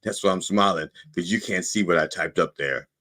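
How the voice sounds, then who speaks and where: A man's voice: low-pitched, a little fast, sharp tone. A man hosting his own podcast, delivering a sarcastic, profane political monologue and punctuating his points with "okay?". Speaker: podcast host.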